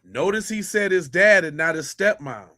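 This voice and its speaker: High bright-voiced mocking male host. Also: expressive, normal speed. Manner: mocking, incredulous, slangy. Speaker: podcast host, former police officer. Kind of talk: reaction commentary.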